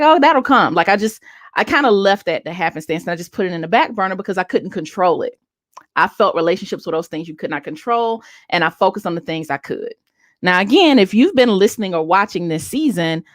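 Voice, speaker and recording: A woman in her late thirties with a fairly low voice hosts a podcast, sharing a personal story candidly and earnestly while often restarting her sentences. The recording is dry and studio quality.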